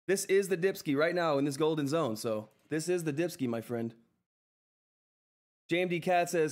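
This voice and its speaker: Male livestream host, somewhat high voice, excitable and gushing, laughs between lines, seated at home. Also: moderate pace, pauses often. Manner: effusive, thanks viewers over and over, laughs often; excitable, flustered exclamations. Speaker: livestream host reading viewer chat. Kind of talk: live stock-trading stream commentary.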